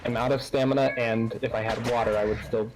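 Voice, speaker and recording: A man's voice: medium pitch, steady tone, fast talker, noisy background. A man joking and teasing himself while talking with the host over game voice chat. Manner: joking, self-mocking. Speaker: viewer playing along.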